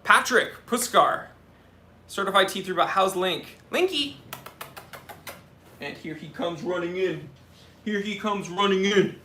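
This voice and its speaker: A young man with a bright, forceful voice, pitched a little high, hosting a live Q&A stream. He reads viewer comments and answers them in a chatty, off-the-cuff way. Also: fairly even intonation, normal speed, slight background noise. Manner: chatty, answers questions off the cuff, talks to his cats. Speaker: watch channel host.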